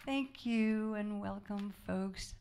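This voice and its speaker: A woman jazz singer in relaxed, chatty stage banter between songs at a small club, speaking softly with easy fillers and asides. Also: medium pitch, slow, creaky, a little hiss or hum. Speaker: jazz vocalist leading a band. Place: small live music club, indoors. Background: jazz band instruments.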